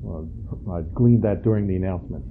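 A man preaching a sermon in a church, earnest and halting, rising in pitch on key phrases. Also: a little hiss or hum. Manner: halting, frequent uh and restarts. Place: church sanctuary. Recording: tinny phone-like church recording.

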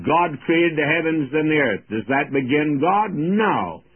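A man teaching the Bible in a radio sermon, emphatic and slow, speaking to his listeners as friends. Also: a little high, slightly rough. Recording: tinny phone-like radio recording.

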